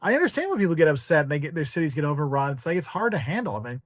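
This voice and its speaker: A man, a podcast guest, telling casual travel anecdotes in an animated way, acting out the voices of the people in them and using "like" a lot. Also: fairly high pitch, rapid-fire. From United States. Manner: animated, acts out quoted voices, heavy use of "like".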